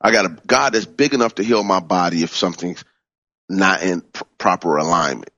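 A man teaching in a sermon style, stressing key words by swooping up in pitch and repeating phrases. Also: fairly quick, fairly bright tone, no room sound, highs cut off. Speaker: minister teaching from a book.

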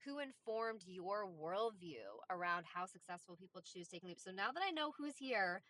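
Woman moderator, upbeat and coaxing, bright tense tone, mid pitch. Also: expressive, normal speed. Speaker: host. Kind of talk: moderating a live audio room.

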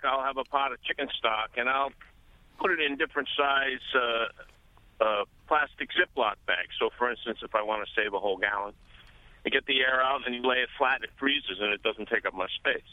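A man's voice: medium pitch, normal speed, no echo. Man caller on tinny phone line. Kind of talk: phone-in call.

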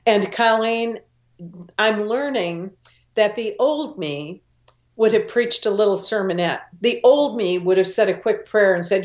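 An older woman speaks as an interview guest, earnest and openly emotional. She slows her words down to lean on key moments. Her voice carries a noticeable room echo. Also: medium pitch, a little mellow. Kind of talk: personal storytelling interview. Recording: roomy echo.

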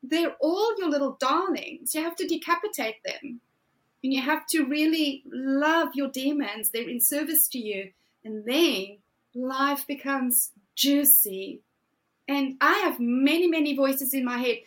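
Woman, 40s, high voice, unhurried, emphatic motivational coach. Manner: emphatic, animated, drawn-out phrasing. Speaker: guest, fear coach. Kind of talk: motivational interview talk.

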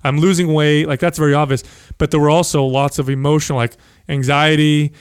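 A man hosting an interview, asking questions in a relaxed, conversational way and sharing his own experience. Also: a little high, brisk, clear, resonant tone, dry recording, clean studio sound. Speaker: interviewer host.

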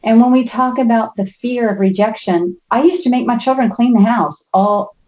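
A middle-aged woman with a fairly high voice tells family stories as a podcast guest. She is animated and acts out her family's voices. The audio is a little muffled and lo-fi. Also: moderate pace. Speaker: guest speaker. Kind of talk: storytelling in a podcast interview.

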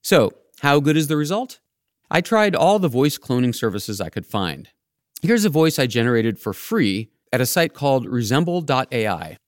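Man, podcast host, wry scripted narration, lively pitch, dry sound. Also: moderate pace, no echo. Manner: wry, playful.

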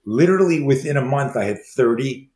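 A man in his sixties who teaches martial arts, telling stories as an interview guest and acting out the dialogue in quick, animated bursts. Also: medium pitch. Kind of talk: storytelling in a conversation. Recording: roomy echo.

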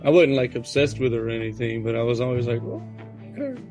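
A man's voice: medium pitch, big pitch swings, quick pace, a little mellow, soft background music. A man co-hosting a podcast in casual chat, playful and self-mocking. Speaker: podcast co-host.

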